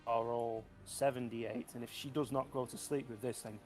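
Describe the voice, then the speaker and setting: A man's voice: medium pitch, steady tone, moderate pace, darkish tone, faint music behind. A man playing a tabletop game, thinking aloud as he reads rules and works out dice. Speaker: player. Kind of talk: casual tabletop game talk.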